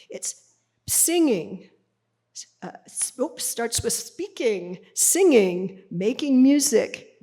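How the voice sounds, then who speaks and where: A middle-aged woman lectures at an unhurried pace. Her pitch sits in an average range. She explains points patiently like a teacher and often turns to the audience with conversational rhetorical questions. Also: mellow. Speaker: speaker presenting a Bible translation.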